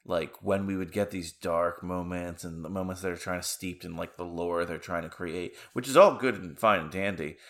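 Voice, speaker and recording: A man's voice: low-pitched, moderate pace, hardly any pauses, a bit bright. A man chatting about a film in a casual podcast, laid-back and enthusiastic.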